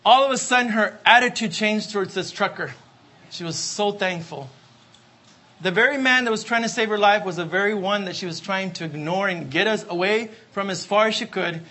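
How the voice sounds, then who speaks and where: A man's voice: high voice, fairly quick, sharp tone. A man preaching a sermon, emphatic and repetitive, asking for amens. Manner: emphatic, repeats refrains, asks the congregation for amens.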